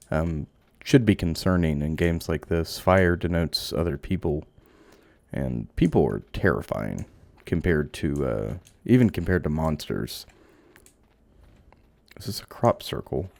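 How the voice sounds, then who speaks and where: A man giving animated let's play commentary, exclaiming and joking as he plays. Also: low voice, measured pace, gravelly, no echo. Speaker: game commentator.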